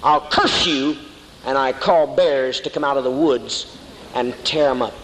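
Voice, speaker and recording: A man's voice: medium pitch, fairly even intonation, moderate pace. A male preacher delivering a fiery, mocking sermon to a congregation, calling listeners honey. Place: church hall before a congregation. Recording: echoey hall with faint noise.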